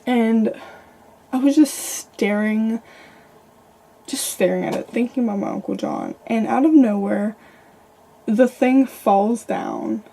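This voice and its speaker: A woman's voice: fairly high pitch, takes it slowly, vocal fry, pauses often, mellow. A young woman vlogger casually telling her own ghost stories, chatty and rambling with lots of fillers. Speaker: paranormal vlogger. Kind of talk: casual storytelling to camera.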